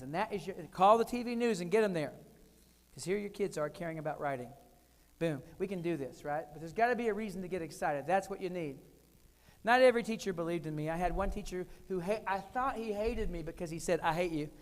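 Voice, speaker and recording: An older American man delivers a humorous keynote in an echoey hall, his voice sitting high, expressive and a little fast. He tells funny personal stories in short, punchy phrases.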